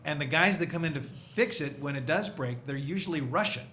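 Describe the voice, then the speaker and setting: A man's voice: fairly high pitch, fairly quick, pushed and bright, a little hiss or hum. A man in his sixties, a guest, chatting and explaining things in casual banter. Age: 60s.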